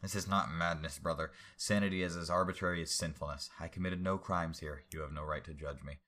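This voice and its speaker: Guy doing a manic ranting villain, low voice, bright edge. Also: fairly even intonation, a little fast. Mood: raving. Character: unhinged grandiose male villain, raving. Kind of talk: reading a story aloud.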